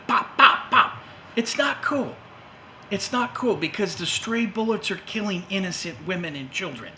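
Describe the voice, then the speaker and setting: A rambling, lecturing man talking off the cuff, his voice sitting fairly high for a man. He swears freely and circles back on himself, over a steady noisy hiss in the recording. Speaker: host. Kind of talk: casual monologue.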